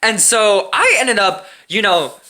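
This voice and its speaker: Young male storyteller, casual and wry, bright tone. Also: high-pitched, slow pace. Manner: animated, profane, wry.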